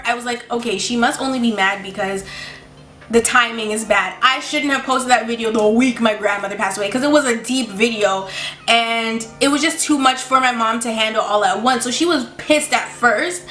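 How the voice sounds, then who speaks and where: Bright-voiced young woman ranting candidly. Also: a little high. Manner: candid, exasperated, emphatic with mocking asides. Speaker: vlogger. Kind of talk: storytime rant. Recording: echoey room with faint music.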